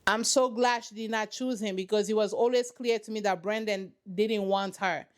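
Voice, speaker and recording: A woman's voice: mid-range voice, steady tone, moderate pace. A woman hosting a reaction channel, giving sassy, dramatic running commentary on a reality show from her couch at home.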